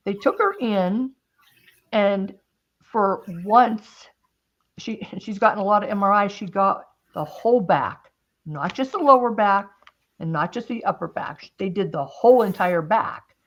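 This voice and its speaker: A woman's voice: mid-range voice, unhurried, lo-fi sound. A woman hosting a casual craft-and-chat stream, telling a long story in a rambling way with many restarts. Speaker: host.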